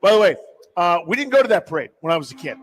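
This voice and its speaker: A man hosting sports talk radio, animated and jokey in casual talk. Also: sits high, rapid-fire, poor audio.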